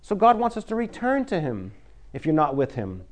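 A man's voice: on the high side, wildly swooping pitch, moderate pace. A man preaching a sermon, folksy and conversational, reading scripture and pressing his listeners with urgent emphasis.

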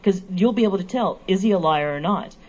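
A woman in a casual religious discussion, speaking quietly and measured. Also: medium pitch. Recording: dull lo-fi recording with faint noise.

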